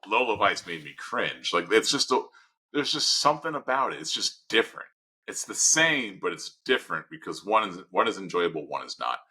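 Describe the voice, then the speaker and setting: A male podcast co-host with a low voice that swings widely in pitch. His tone is bright and a little husky. He rambles casually, restarting sentences as he goes. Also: very animated, normal speed, rough recording. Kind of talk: casual chat.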